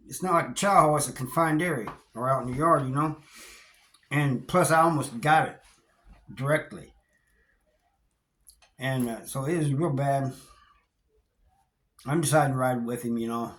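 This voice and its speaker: A vlogger casually tells a story about his time in prison, plainspoken and loose, using slang, wry chuckles, and lots of "you know." His mid-range voice has a fairly bright tone, and the recording has a roomy echo.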